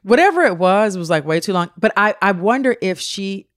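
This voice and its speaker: A woman co-hosting a podcast in casual chat, animated storytelling with playful slang. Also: medium pitch, brisk, dry recording, studio quality. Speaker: podcast co-host.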